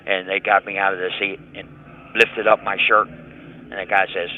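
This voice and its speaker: Older male inmate storyteller, low-pitched, phone-line audio. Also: flat delivery, moderate pace. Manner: matter-of-fact storyteller, acting out dialogue. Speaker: prison inmate interviewee. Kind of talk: recounting a story over a phone call. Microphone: prison telephone. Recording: tinny prison phone line.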